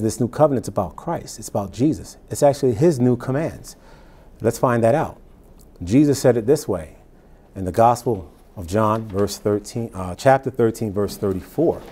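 With a fairly low, mellow voice carrying a breathy edge, this pastor reads scripture slowly in his sermon. He then explains each passage through simple, conversational asides.

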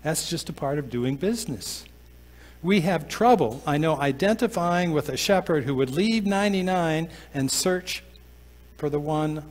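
A pastor preaching a sermon, often slowing down and dropping to a soft, low voice to stress a point. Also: male voice. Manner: slows down and drops to a soft, low voice for emphasis. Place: church sanctuary. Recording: long church reverb.

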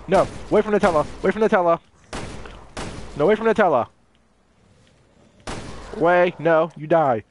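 A young man giving animated gameplay commentary, talking to the characters on screen as he plays. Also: high-pitched, slight background noise. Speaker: gaming channel host.

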